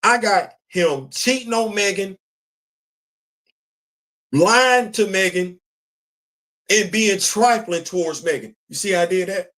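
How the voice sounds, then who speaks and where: A man's voice: sits high, takes it slowly, long pauses, a bit bright. A man hosting a casual commentary show, talking bluntly and emphatically, repeating his points. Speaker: podcast host.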